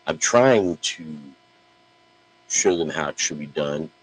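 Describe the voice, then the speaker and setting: A man's voice: extremely low pitch, expressive, takes it slowly, husky, rough recording. A middle-aged man ranting bluntly to camera, profane and brash, often stammering on the first words of a sentence. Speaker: online wrestling promo talker. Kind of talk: blunt direct-to-camera rant.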